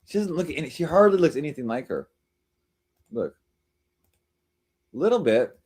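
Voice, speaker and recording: Very animated and a little high, his voice is slightly mellow and husky, at a moderate pace. He hosts a live stream, reading comments and chatting casually, teasing and rambling from one joke or reply to the next.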